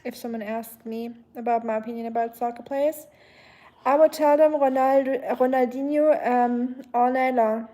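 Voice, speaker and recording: A woman's voice: on the high side, steady tone, normal speed, warm tone. A young German woman with a German accent, chatting casually with viewers on her livestream, hesitant with many ums. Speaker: livestream host. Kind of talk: casual chat reading viewer comments.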